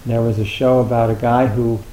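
A middle-aged man gives a dharma talk in a relaxed, halting, loose and conversational way, with frequent fillers and a wry, gently dry humor. His voice is mellow, mid-range and unhurried. The recording has a roomy hall sound with a faint hiss beneath it.

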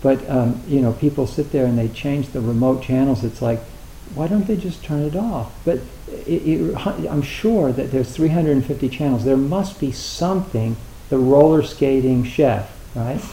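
A middle-aged man gives a dharma talk in a relaxed, halting way, full of fillers and dry humor. His voice is mellow and unhurried. The recording is roomy, with a light hiss underneath. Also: mid-range voice. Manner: halting, loose and conversational with frequent fillers; wry, gently humorous. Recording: roomy hall with faint hiss.

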